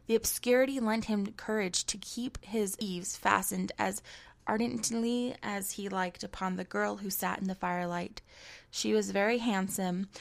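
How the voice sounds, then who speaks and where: A woman's voice: medium pitch, creaky. Woman reading a story aloud. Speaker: audiobook narrator. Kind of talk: scripted story narration.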